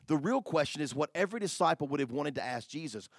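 Animated man preaching a sermon. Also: on the high side, fast, dry recording, studio quality. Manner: animated, swings from hushed to loud exclamations. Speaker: pastor.

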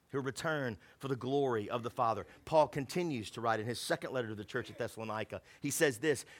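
A man preaching a sermon, reading scripture and quotes, mixing jokes and asides with hushed and emphatic stretches. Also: mid-range voice. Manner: conversational preaching with asides and laughs. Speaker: pastor.

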